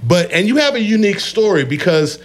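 A man's voice: sits high, big pitch swings, fairly quick. A man hosting a casual interview, affirming his guests and steering the talk. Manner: affirming, says "I hear you" often. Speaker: host.

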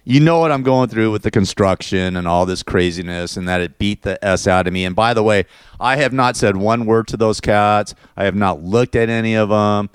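A man's voice: on the low side, normal speed, clear, resonant tone, no echo, studio quality. A middle-aged man hosting his own show, venting in a rambling, crude, casual monologue full of restarts and "man". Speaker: podcast host.

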